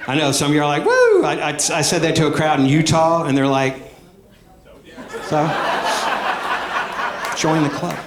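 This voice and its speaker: A man, doing high-energy stand-up comedy with plenty of audience asides. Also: little pitch movement, moderate pace, long pauses, very noisy. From Alabama, US. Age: 50s. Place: comedy club stage. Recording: echoey club room.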